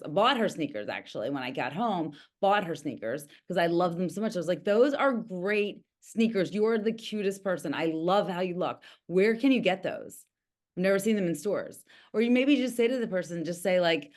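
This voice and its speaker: A woman's voice: on the low side, a little mellow. A woman leading a coaching team call over a video call, enthusiastic and effusive with praise.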